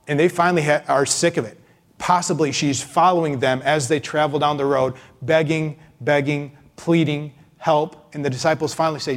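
A man's voice: a little high, normal speed. Emphatic male pastor preaching. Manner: emphatic, expressive, acts out voices. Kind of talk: sermon.

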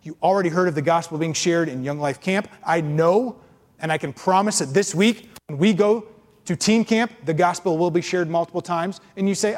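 A man preaching a sermon as pastor, animated, acting out complainers in mocking voices. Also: a little high, a little fast, big-room sound. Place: church.

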